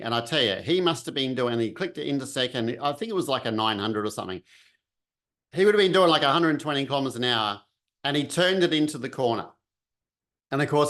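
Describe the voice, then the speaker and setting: Aussie guy telling a story, chatty, acts out the voices and sounds, middle pitch. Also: fairly bright tone. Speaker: vlogger telling a personal story. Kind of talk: casual storytelling.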